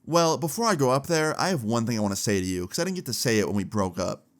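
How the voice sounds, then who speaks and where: A man's voice: medium pitch, lively intonation, fast, natural voice. A man quoting his angry young ex-girlfriend in a curt, hostile way.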